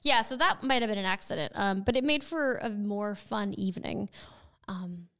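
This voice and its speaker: A woman's voice: medium pitch, normal speed, fairly bright tone. A woman co-hosting a podcast in casual chat with her sister, telling stories with lots of "like" and dramatic gasps. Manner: chatty storyteller, lots of "like" and gasps. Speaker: podcast co-host.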